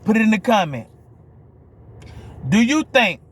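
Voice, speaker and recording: Very animated yet unhurried, this man's high, husky voice carries a New Orleans accent as he vlogs straight to the camera. His monologue is a blunt, profane rant punctuated again and again by "you hear me?"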